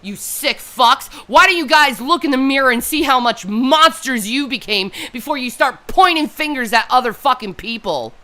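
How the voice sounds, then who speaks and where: On an angry, unplanned livestream, a woman overcome with grief swears and repeats her points, close to crying. She speaks at normal speed with few pauses, her high voice animated, strained and bright.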